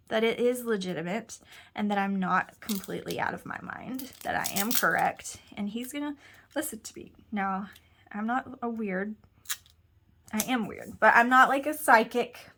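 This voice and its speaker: A woman's voice: on the high side, fairly bright tone, slight background noise. Chatty woman telling a personal story. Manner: chatty, self-deprecating, quotes herself and others a lot. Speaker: host. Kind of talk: casual storytelling monologue.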